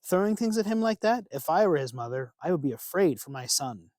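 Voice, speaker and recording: A man's voice: fairly high pitch, very animated, fairly quick, a little mellow, no echo, studio quality, voice pushed up. A man voicing an old woman in disguise who fusses with false concern over a mother's son. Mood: sweetly prying.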